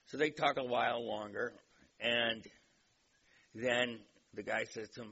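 A man's voice: mid-range voice, fairly even intonation, unhurried, gravelly, pauses often, pushed and bright. A man giving a lecture in a chatty, digressive way and telling a joke, on a dull recording with faint hiss. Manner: conversational, digressive storyteller.

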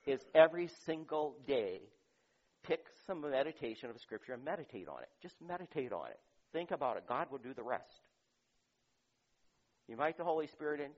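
A male pastor giving a conversational sermon, asking rhetorical questions and swinging between loud emphasis and quiet, intimate asides. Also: medium pitch, dull audio.

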